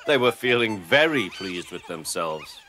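A man narrating a children's train story in an expressive, animated way. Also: lowish voice, a little slow. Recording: narration over clear music.

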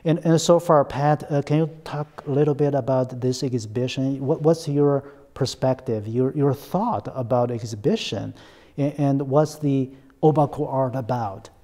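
Mellow-voiced man hosting, often asking "right?". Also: mid-range voice, normal speed. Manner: hesitant, repeats words, tag questions "right?". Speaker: interview host, center scholar. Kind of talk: recorded academic conversation.

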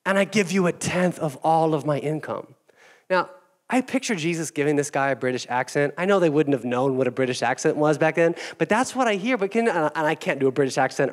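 Joking, self-deprecating male pastor. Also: on the high side. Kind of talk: sermon.

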